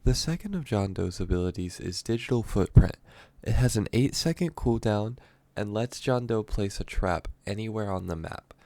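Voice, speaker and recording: A congested gaming YouTuber with a stuffy, nasal voice from a cold explains a game character's abilities in a voice-over. His voice is fairly low and dark, animated, at a moderate pace, recorded dry. He chats his way through step by step, using fillers.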